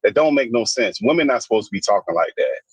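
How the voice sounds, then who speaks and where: Blunt ranting man, husky voice. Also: on the low side, expressive, fast talker, no echo, lo-fi sound. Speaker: commentator. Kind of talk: opinionated casual commentary.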